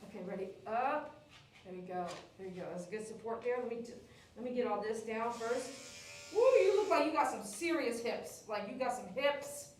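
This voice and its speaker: A fairly high-voiced woman groomer at work in a grooming salon, talking to her viewers and cooing at the dog on her table with playful baby talk and sudden cheers. Her voice rings in an echoey room, with a faint hum of equipment behind her. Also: lively intonation, normal speed, darkish tone. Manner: coos and baby-talks to the dog, bursts into cheers. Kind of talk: live grooming chat with viewers.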